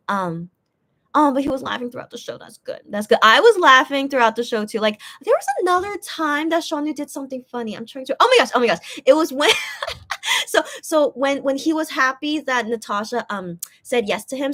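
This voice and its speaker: A woman's voice: a little high, fairly bright tone. A young woman hosting a live stream, chatting casually and reading out viewer comments, rambling with many restarts and fillers.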